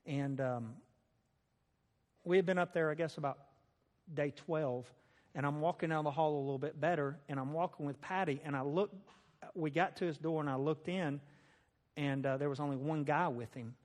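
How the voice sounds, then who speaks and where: A man's voice: a little high, normal speed. A man sharing a personal testimony in a folksy, conversational storytelling style, with laughter. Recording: long reverb of a large hall.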